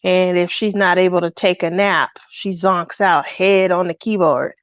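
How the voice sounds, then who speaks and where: A middle-aged woman hosting a craft livestream, talking casually and in a rambling way, feeling low and lonely, greeting viewers by name. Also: fairly even intonation, a little slow, no echo, dull audio.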